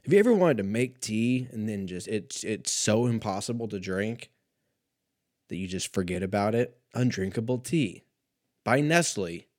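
A young man with a slightly low voice talks on his own in a loose, rambling way, swearing freely. His voice is a bit rough from a cough he had days ago. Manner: profane, rambling, laid-back. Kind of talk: casual solo chat.

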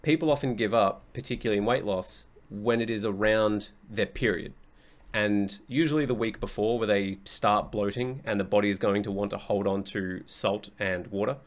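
A man's voice: lowish voice, normal speed. A young adult man hosting a casual solo podcast as a coach, talking bluntly, swearing often and laughing easily.

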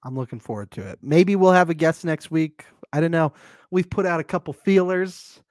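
An easygoing man co-hosting a podcast, his voice a bit higher than most men's. He chats in an agreeable way and chuckles often, and the sound is dry and close. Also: lively intonation, normal speed, a little mellow, no echo. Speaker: podcast co-host. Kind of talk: casual chat.

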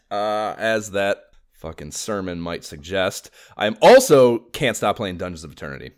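A man co-hosting a podcast, chatting casually about games, excitable, swearing a lot and laughing often. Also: fairly low pitch, moderate pace. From Los Angeles area. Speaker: podcast co-host.

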